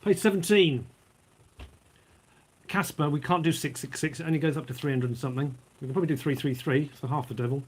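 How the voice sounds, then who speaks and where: Chatty husky man reading trivia. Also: a little high, fairly quick, low-quality recording. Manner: chatty, rambling asides while eating and drinking. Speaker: vlogger. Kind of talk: casual vlog reading trivia.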